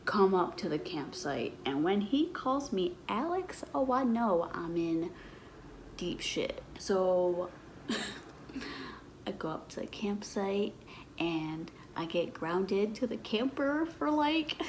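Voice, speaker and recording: A woman's voice: medium pitch, takes it slowly, slight background noise, rough recording. Blunt, profane young woman vlogger. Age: 20s. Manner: blunt, swears freely, animated retelling. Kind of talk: casual storytime.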